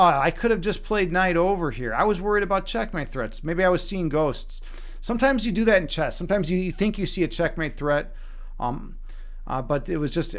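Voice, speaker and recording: A young man with a Chicago accent talks through his chess moves on a live stream. His voice sits a little high for a man, and he swears freely as he goes. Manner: animated, swearing, talks to chat while playing.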